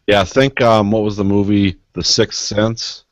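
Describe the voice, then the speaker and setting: Male co-host, very low voice, deadpan self-mockery, dry close sound. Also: moderate pace, no echo, muffled recording. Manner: deadpan, self-mocking, laughs at his own jokes. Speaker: podcast co-host. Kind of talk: casual podcast banter.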